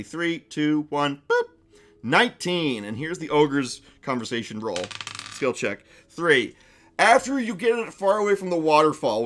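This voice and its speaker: A man's voice: on the high side, fairly bright tone. A man narrating a tabletop game on his stream, casual and chatty, with lots of restarts.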